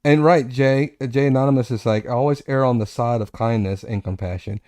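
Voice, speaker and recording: A man in his forties hosts a relaxed chat show and spins a meandering personal story, stopping to restart and correct himself as he goes. His voice is mellow and dark, and the recording is close and dry, with little sound from the room. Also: mid-range voice, a little fast, no echo. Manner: rambling, self-correcting anecdotes with animated asides. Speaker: podcast host.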